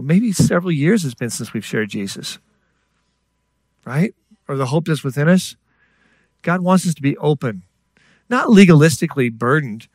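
A man's voice: fairly high pitch, no echo. A middle-aged man preaching a sermon in a conversational way, with asides and rhetorical questions to the congregation. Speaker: pastor.

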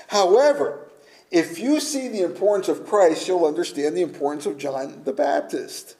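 A man preaching a sermon, emphatic, shifting between loud declarations and hushed, almost whispered lines. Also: a little high, expressive, moderate pace. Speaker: pastor.

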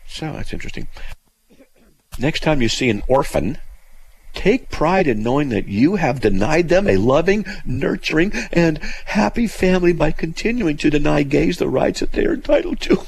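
A male radio host reading listener mail aloud and mocking it in a sarcastic, animated way. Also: moderate pace, vocal fry, a little hiss or hum. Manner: sarcastic, mocking, animated with sudden pitch jumps.

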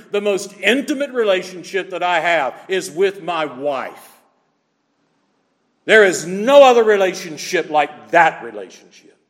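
Male pastor, sermon, animated pitch, slightly high voice, long hall reverb. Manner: expressive preaching, acts out little scenes.

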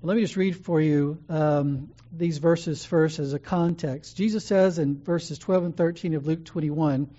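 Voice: medium pitch, steady tone, measured pace, few pauses, dark tone. A preacher delivering an earnest sermon, repeating key phrases with emphatic build-ups, in a slightly dull recording.

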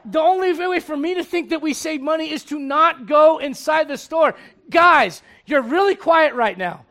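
High-voiced man preaching with humor. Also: expressive, moderate pace. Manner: humorous, conversational, swings from loud to hushed. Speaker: pastor. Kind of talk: sermon.

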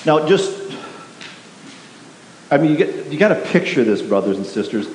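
A pastor preaching a sermon, emphatic and repetitive, putting questions to the congregation. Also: male voice, fairly high pitch, sing-song, normal speed, darkish tone. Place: church sanctuary. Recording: echoey hall with faint hiss.

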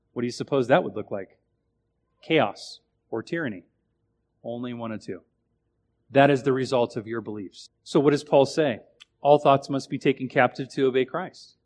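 A man delivers a sermon in a mid-range voice, chatty rather than formal. He keeps turning questions on his listeners and swings from forceful emphasis to quiet asides. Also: mid-range voice. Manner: conversational, asks the audience questions; animated, swings from loud to quiet. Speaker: preacher.

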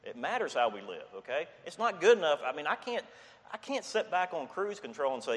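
A man preaching a sermon in a relaxed, conversational way, often checking in with "okay?". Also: fairly high pitch, normal speed. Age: 60s. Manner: conversational, repeats "okay?" and "I mean". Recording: long hall reverb.

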